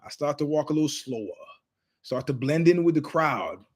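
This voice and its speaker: Animated high-voiced male show host. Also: moderate pace. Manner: emphatic, digressive, acts out quoted voices. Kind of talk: animated storytelling monologue.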